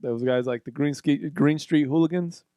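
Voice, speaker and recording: A man's voice: a little high, moderate pace, mellow, clean tone, dry recording, clean studio sound. A man co-hosting a podcast, bantering casually and joking around. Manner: joking, slips into a mock British accent. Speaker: podcast co-host.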